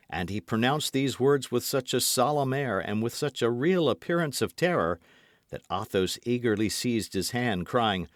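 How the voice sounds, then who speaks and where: Male audiobook narrator, mid pitch, animated storytelling, dry booth. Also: moderate pace, no echo. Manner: expressive storytelling. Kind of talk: scripted narration.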